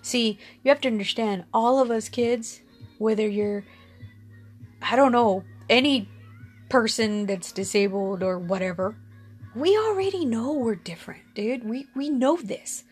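A woman's voice: a little high, a little slow, soft background music. A woman telling a personal story in a casual, candid way. She speaks frankly, swears casually and often laughs. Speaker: storyteller sharing personal experience.

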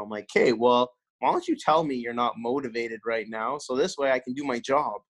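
A man's voice: medium pitch, brisk, hardly any pauses. Blunt, swearing man in casual chat. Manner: blunt, swears constantly, animated. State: sore from a workout.

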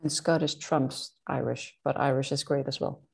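A woman's voice: rumbling low, fairly even intonation, normal speed, vocal fry, darkish tone, slightly rough. A woman from Denmark with a Danish accent, co-hosting a podcast in casual, chatty talk and laughing often. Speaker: podcast co-host. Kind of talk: casual chat.

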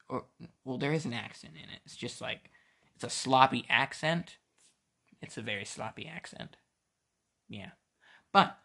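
Here a podcast host with an American accent, from the United States, goes on a casual solo rant, cracking jokes and wandering off topic while cutting himself off. The voice is mid-range with a breathy edge.

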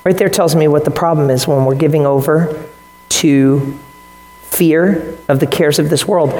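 A man preaches to his congregation in an animated, conversational way, tossing in jokes and slipping into little voices for his examples. His voice rings around a big church hall, with a long reverb trailing each phrase. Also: a little high, normal speed. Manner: animated, joking asides, acts out quoted voices. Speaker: pastor. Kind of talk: sermon.

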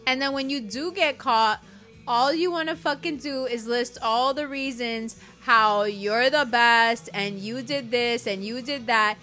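A woman plays an enraged lover leaving a voice note, cursing at every turn and dripping with sarcasm. The voice is bright and forceful, and sits a little high. Soft music plays behind her. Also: measured pace. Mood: furious. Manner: profane, cutting, sarcastic. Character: furious woman ranting at a cheating lover. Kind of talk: acted voice-note rant.

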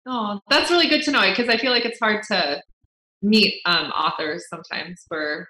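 A woman author as a guest in a casual interview, upbeat and quick to giggle. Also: medium pitch, pushed and bright, roomy sound, low-quality recording.

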